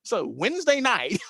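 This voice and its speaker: A man in his fifties hosting a show, telling a personal anecdote in a casual, animated way with frequent tag questions. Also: very high voice, vocal fry, husky, dry recording. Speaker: host.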